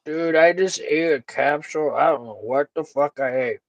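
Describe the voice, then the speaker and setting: A man's voice: fairly high pitch, normal speed, no room sound, dull audio. A man chatting loosely as a livestream guest over a video call, swearing and joking. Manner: loose, profane and jokey. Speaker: stream guest. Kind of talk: casual livestream chat.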